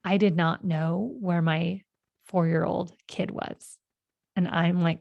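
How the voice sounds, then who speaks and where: A woman's voice: medium pitch, animated, moderate pace, no echo, dull audio. A woman in her thirties hosting a podcast, telling a personal story in a casual, emotional way with many fillers. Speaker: podcast host.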